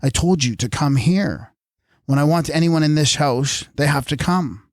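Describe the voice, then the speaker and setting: A man's voice: mid-range voice, normal speed, dry recording, clean studio sound, lightly acted. A man voicing a brutish drunken English lord who slurs his words thickly. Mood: drunk, bullying. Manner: slurred, thick speech.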